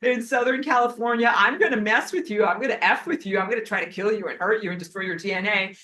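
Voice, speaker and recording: A woman's voice: mid-range voice, quick pace, sharp tone, far from the mic, close to an everyday voice. A woman voicing mocking, menacing energy-vampire entities that threaten her, with sing-song taunts. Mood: taunting. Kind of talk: acted quote within a spoken lesson.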